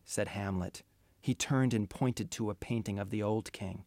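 Male storyteller, low-pitched, steady, recorded dry. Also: unhurried, dry recording. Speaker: narrator. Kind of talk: storybook narration.

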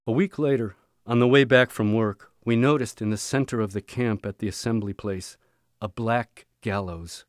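A man reading a memoir aloud in a measured, steady storytelling voice. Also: on the low side, no room sound, studio quality. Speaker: reader.

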